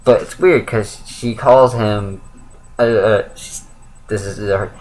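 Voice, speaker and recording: A man's voice: on the low side, steady tone, slow pace, darkish tone, low-quality recording. A young man giving a casual, rambling spoken review of a comic book, with lots of fillers and self-corrections.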